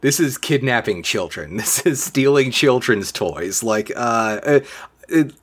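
A man co-hosting a podcast, recapping a cartoon in casual chat, halting and wry, with many fillers. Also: mid-range voice, expressive, breathy edge. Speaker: podcast co-host.

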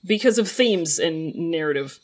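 A woman's voice: deep voice, expressive, a little slow, a little mellow. A young woman co-hosting a podcast in casual chat, giggling and swearing wryly. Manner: giggly, wry and profane. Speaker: podcast co-host.

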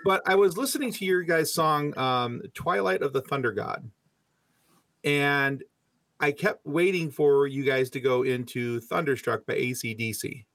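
A man's voice: medium pitch, a little slow, a bit bright, no echo. A man hosting a casual interview, joking and easygoing as he asks questions. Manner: joking, easygoing, self-deprecating. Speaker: podcast host.

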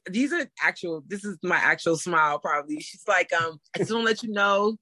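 A woman in her thirties telling a story in a casual interview, animated and laughing as she acts out what people said. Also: mid-range voice, normal speed, no room sound. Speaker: interview guest.

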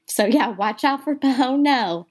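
A woman's voice: high voice, lively intonation, measured pace. Chatty woman telling ghost stories. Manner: chatty, addresses listeners as "you guys". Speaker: podcast co-host. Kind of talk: casual ghost-story chat.

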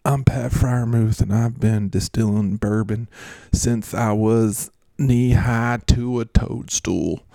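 A man playing a folksy old-timey bourbon distiller in a mock advertisement, drawling slowly. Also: mid-range voice, fairly even intonation, gravelly, dark tone, no room sound.

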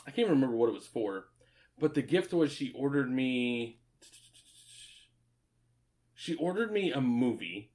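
A man's voice: mid-range voice, big pitch swings, a little slow, pauses often, darkish tone. A man telling stories in casual chat, rambling and swearing freely, laughing often.

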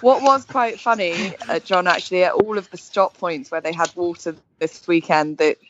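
A woman's voice: fairly low pitch, moderate pace. A woman chatting casually as a podcast guest, giggly and self-deprecating. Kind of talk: casual chat. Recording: lo-fi with loud background noise.

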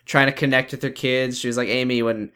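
A man's voice: medium pitch, little pitch movement, a little fast, pushed and bright, smooth. A man talking casually with a co-host, sarcastic and exasperated about a show he is recapping. His voice sits in a middle range. He swears freely and sounds fed up with the writing. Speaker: podcast co-host recapping a TV episode. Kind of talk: casual chat.

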